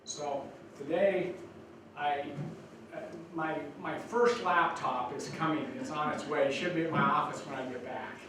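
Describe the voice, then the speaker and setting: A man's voice: fairly high pitch, measured pace. Casting note: older male speaker, rambling and folksy, recorded far off in an echoey room with noise behind. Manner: folksy, rambling with many restarts. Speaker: guest speaker. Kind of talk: speech to students. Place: college lecture room. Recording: echoey hall from far off, noisy.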